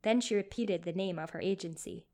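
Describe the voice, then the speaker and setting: A woman narrating a story in a measured, gently expressive reading. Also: lowish voice.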